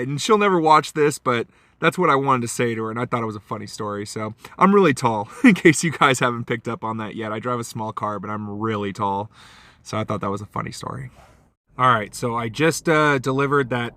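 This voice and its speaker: An expressive man speaks fairly quickly, in a fairly bright tone with no echo, as he vlogs from his car about delivering. His casual monologue is chatty and story-driven, with people he met acted out through big pitch jumps.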